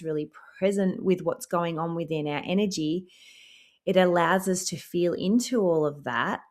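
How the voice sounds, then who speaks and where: Low-ish woman's voice, spiritual podcast host, earnest, slows down for breathing and affirmations. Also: a little mellow. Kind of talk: spiritual self-help podcast monologue.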